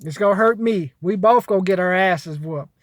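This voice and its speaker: A man's voice: sits high, moderate pace, slight background noise. A man giving blunt, profane money advice in a casual monologue to camera.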